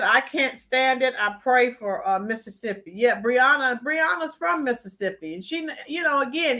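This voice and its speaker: A woman's voice: fairly high pitch, pushed and bright. A woman hosting a live-stream, giving emphatic political commentary and talking to chat viewers by name. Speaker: channel host.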